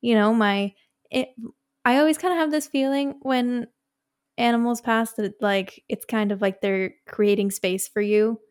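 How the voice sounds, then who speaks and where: A woman co-hosting a podcast in casual chat, speaking in a relaxed, reflective way. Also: a little high, unhurried, smooth. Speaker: podcast co-host.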